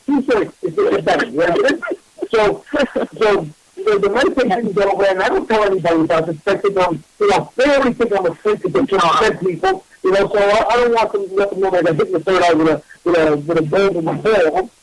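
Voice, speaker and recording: A man, a psychic medium hosting a radio show, telling a story in a casual, animated and self-mocking way. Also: high-pitched, quick pace, low-quality recording.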